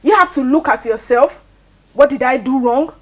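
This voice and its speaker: A woman's voice: sits high, lively intonation, normal speed, a little mellow. A woman with a Nigerian English accent, a talk show guest, arguing her view firmly and checking in with "okay?". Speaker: panel guest.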